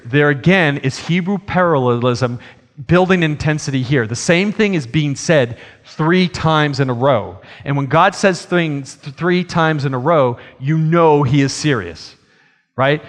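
Earnest preacher in a reverberant hall. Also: male voice, a little high, a bit bright. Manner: earnest, swells in emphasis and slows on key phrases. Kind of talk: sermon.

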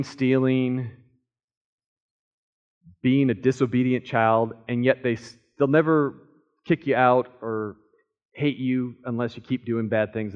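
A man teaching from the Bible in a sermon style, earnest and emphatic, voicing the psalmist's pleas in first person. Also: medium pitch. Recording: muffled lo-fi recording.

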